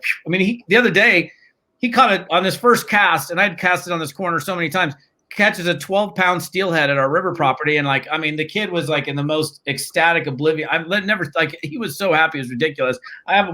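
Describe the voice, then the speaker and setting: His fairly high voice carries energetic, slang-heavy anecdotes. He is a network marketing trainer in his fifties chatting as an interview guest, frequently stopping and starting over.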